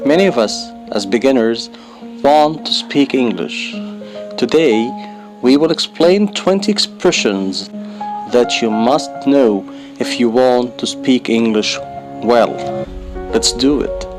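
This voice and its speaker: A man whose first language is Arabic, teaching English to beginners, saying each phrase slowly and then repeating it. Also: medium pitch, animated, over music, poor audio. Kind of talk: slow English lesson for beginners.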